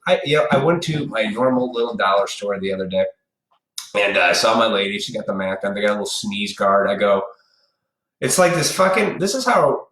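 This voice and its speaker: A man with a fairly low voice rants bluntly on his own live stream, swearing freely and lecturing his viewers directly. His speech is loose and conversational, full of asides to the audience. The sound is roomy and echoey, like a bare room picked up by a desk mic. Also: fairly bright tone. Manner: blunt, profane, preachy, talks straight to viewers. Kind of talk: casual ranting live stream.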